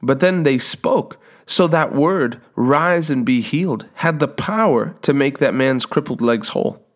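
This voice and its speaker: A man preaching a sermon, reading scripture aloud and praying earnestly, slowing down to stress words. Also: medium pitch, animated.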